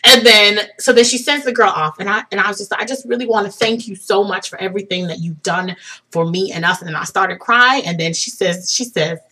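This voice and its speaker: A young woman telling an excited personal story for her vlog, laughing and swinging from hushed tones to shrieks. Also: medium pitch, fairly quick. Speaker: vlogger.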